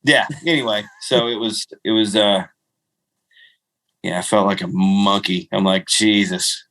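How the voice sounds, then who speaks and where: A man's voice: on the low side, fairly even intonation, unhurried, fairly bright tone. A middle-aged man co-hosting a podcast, rambling through self-mocking travel stories with frequent laughs. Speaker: podcast co-host. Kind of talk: casual storytelling chat.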